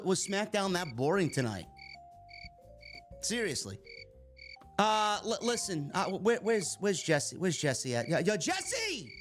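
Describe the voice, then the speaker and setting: A man with a New York accent, host of a wrestling review show, ranting in a loud, profane, mock-annoyed way and shouting at times. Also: high voice. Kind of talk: profane comedic rant.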